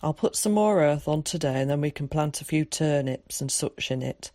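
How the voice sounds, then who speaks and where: Lady reading as a gruff old country bloke, plainspoken and rustic, lowish voice, dry close sound. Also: lively intonation, normal speed, dark tone, dry recording. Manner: rustic dialect speech, clipped and plainspoken. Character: gruff older countryman, blunt but kindly. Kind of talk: audiobook character voice.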